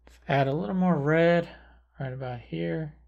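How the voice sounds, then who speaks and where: A man calmly talking through a portrait painting tutorial, thinking aloud as he paints. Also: fairly high pitch, vocal fry, lo-fi sound. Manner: calm, unhurried, thinking aloud while painting. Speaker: painting instructor. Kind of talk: relaxed painting tutorial narration.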